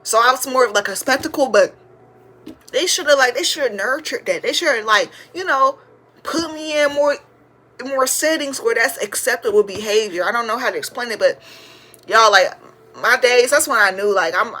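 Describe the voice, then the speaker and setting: Lively young woman telling a story. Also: a little high, normal speed. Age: 20s. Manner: lively, loud acted-out shouts of praise; slangy, chatty, addresses listeners as y'all. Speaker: podcast host. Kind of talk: casual storytelling to listeners.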